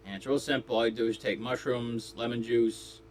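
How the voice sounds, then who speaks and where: A man's voice: mid-range voice, level tone, a little fast, slight background noise. Rambling, coughing man vlogger. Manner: rambling and jokey, with frequent coughs and sudden loud outbursts. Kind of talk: rambling casual monologue. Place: Los Angeles.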